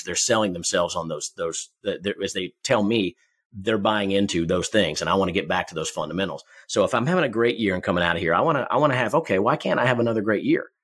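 A man with a husky, slightly low voice explains goal setting to salespeople. He talks in rapid, energetic bursts and often restarts or repeats words. The tone is conversational advice laced with stories. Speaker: sales coach guest.

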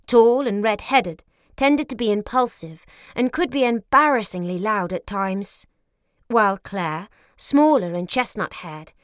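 A woman narrating an audiobook in a measured, clear storytelling manner. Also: medium pitch, dry recording, clean studio sound.

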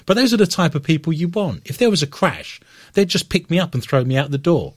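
A man's voice: fairly high pitch, sing-song, fairly quick, no echo, clean studio sound. A man hosting a podcast, reading odd news stories and breaking into playful, self-mocking banter. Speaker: podcast host. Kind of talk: joking casual chat.

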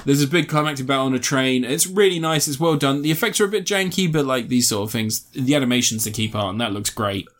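A man's voice: mid-range voice, expressive, fast talker, hardly any pauses. A young man chatting casually about a film he watched, rambling and sweary, often laughing and restarting his sentences. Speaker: film reviewer. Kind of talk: casual chat.

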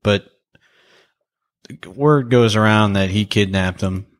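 A young man with a lowish voice speaks slowly as a podcast co-host reviewing a movie he watched. The casual chat rambles, packed with fillers, restarts and laughter.

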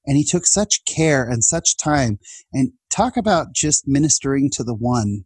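A man's voice: mid-range voice, lively intonation, measured pace, darkish tone, husky, no room sound. A man in his forties telling personal stories in a casual podcast chat, earnest and emotional, laughing now and then. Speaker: guest.

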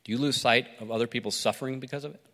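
A man preaching through a story, pausing to ask listeners reflective questions. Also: mid-range voice, fairly even intonation, a bit bright. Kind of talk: sermon told as a story. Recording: long hall reverb.

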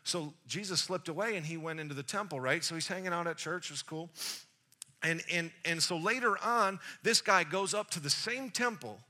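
A man's voice: a little high, moderate pace, pushed and bright. A man preaching, retelling Bible stories in a casual, slangy way. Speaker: pastor. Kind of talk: sermon storytelling.

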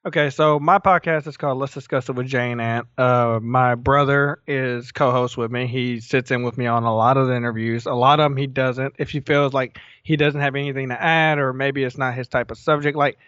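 A man from the American South, a podcast guest, talking earnestly and haltingly in a casual interview. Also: medium pitch, fairly even intonation, fairly bright tone, clear, resonant tone, no room sound, muffled recording. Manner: earnest, halting, restarts phrases.

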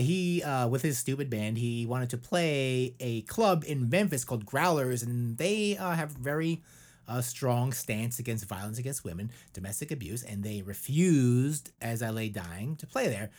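A man's voice: mid-range voice, animated, normal speed, a little mellow. A man co-hosting a podcast in casual chat, rambling and sarcastic. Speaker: podcast co-host.

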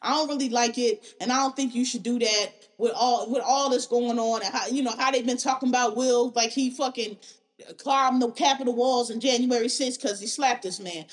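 A woman talks on her podcast with a fairly high voice. She delivers opinions in a blunt, emphatic way, swearing freely as she gets heated. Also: steady tone, moderate pace. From Philadelphia. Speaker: podcast host.

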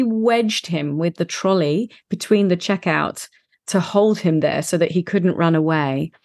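A woman's voice: on the low side, unhurried, a little mellow. A woman co-hosting a casual podcast conversation, talking in an earnest, compassionate, reflective way. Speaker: podcast co-host.

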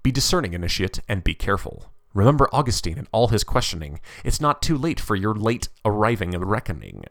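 A stern medieval poet's spirit preaches and scolds in a grand, sweeping voice, as a man acts him out. His pitch swings widely, with low, heavy endings. The recording is close and dry. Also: sing-song, fairly quick, fairly bright tone, no echo. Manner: stern, preaching, with mocking laughs. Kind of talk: dramatic reading of a story.

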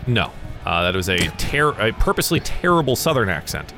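A man from the American South narrating a tabletop game as game master, animated and chuckling between dice rolls. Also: fairly low pitch, brisk, gravelly, soft background music.

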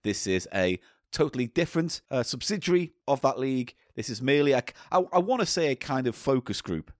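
A man co-hosting a casual comedy podcast, teasing his partner and swinging his pitch for comic effect. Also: big pitch swings, fairly quick, dry recording, clean studio sound. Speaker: podcast co-host.

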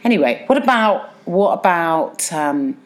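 Woman, 30s, podcast co-host; low, animated delivery, wry and chatty. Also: unhurried, a little hiss or hum. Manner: chatty, wry, tangents and cheeky jokes. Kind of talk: casual chat.

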